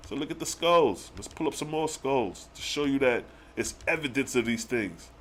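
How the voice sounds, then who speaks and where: A man hosting a live religious stream, reading verses slowly and then breaking into excited slang commentary with rhetorical questions. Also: mid-range voice, slight background noise. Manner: challenges the listeners with rhetorical questions. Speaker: religious livestream host. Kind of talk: live scripture teaching.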